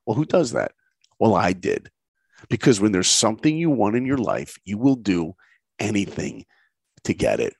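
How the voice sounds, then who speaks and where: Brief: middle-aged male guest, a dry close sound, punchy and animated, acts out every line. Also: lowish voice, normal speed, creaky, husky, no echo. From New York. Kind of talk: motivational storytelling.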